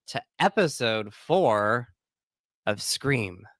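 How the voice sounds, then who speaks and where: Man, 30s, casual podcast co-host, bright tone, slightly hoarse, animated and chatty. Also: slow, dry recording, clean studio sound. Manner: animated, chatty, warm greetings with pitch jumps.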